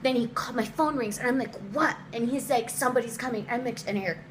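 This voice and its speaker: Animated young woman, casual storytime. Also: quick pace, heavy background noise. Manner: animated, swearing, quotes people in voices, dramatic pitch jumps. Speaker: vlogger telling a personal story.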